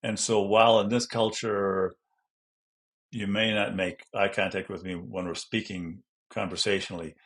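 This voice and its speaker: A middle-aged man, an educational consultant, answering interview questions in an animated way and acting out classroom examples. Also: on the low side, normal speed. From Denver, Colorado.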